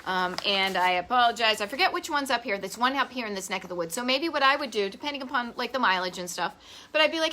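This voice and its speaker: Bright-voiced chatty woman with a Boston accent. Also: a little high, animated, fast talker. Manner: chatty and enthusiastic, self-deprecating asides. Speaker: host of a live vintage travel show. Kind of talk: casual live-stream chat. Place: home garage office.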